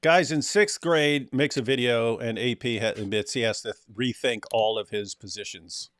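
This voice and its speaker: A man's voice: mid-range voice, normal speed, fairly bright tone, no echo. Sarcastic man hosting a live chat. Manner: sarcastic, rambling anecdotes with restarts. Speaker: host. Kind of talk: casual livestream chat.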